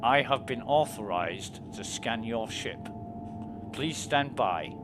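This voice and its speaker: A man playing a stern security guard, speaking in a slow, flat, official tone. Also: mid-range voice, noisy background. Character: stern male security guard scanning ships.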